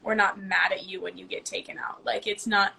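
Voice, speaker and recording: A woman's voice: mid-range voice, level tone, a little fast, gravelly, pushed and bright. A woman co-hosting a casual live-stream chat, talking earnestly and thinking aloud as she coaches a kids' team. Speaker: co-host and youth basketball coach.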